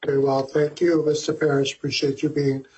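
A man's voice: a little high, level tone, a little fast, darkish tone, dull audio. Courteous man chairing a committee hearing. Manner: courteous, hesitant, with many fillers.

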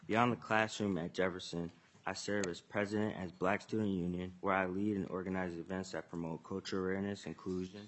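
A man's voice: low-pitched, steady tone, a little fast, slight background noise. A teenage boy, earnestly reading prepared testimony at a legislative hearing. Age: teens. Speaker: student testifier.

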